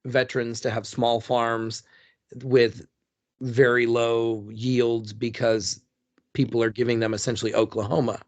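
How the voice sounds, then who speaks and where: A man's voice: mid-range voice, little pitch movement, measured pace, lo-fi sound. A man co-hosting a casual history podcast, rambling with restarts and jokey asides. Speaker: podcast co-host.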